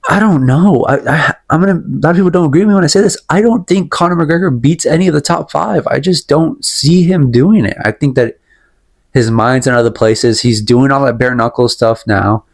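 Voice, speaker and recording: A man's voice: fairly high pitch, a little fast. Rambling, emphatic young man ranting. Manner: rambling, emphatic, repeats himself, sips tea while talking. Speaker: MMA commentary vlogger. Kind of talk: casual opinion rant.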